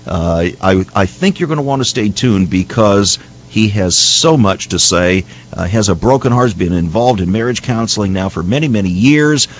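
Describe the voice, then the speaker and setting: A man's voice: on the low side, animated, normal speed, highs cut off. A man from the United States hosting a Christian radio talk show, earnest and preacherly, with frequent "uh" fillers.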